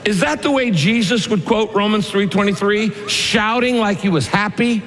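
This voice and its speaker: A pastor preaching a sermon in a conversational, animated storytelling way, turning to the congregation with asides. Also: male voice, high-pitched, normal speed, hardly any pauses. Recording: long reverb of a large hall.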